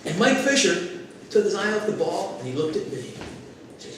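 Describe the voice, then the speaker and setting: Animated man speaking from across an echoey room. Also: high voice, normal speed, pauses often. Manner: animated storyteller, acts out quotes. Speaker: political candidate. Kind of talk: stump speech. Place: former classroom at a local meeting. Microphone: far camera. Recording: echoey room, far camera, noise.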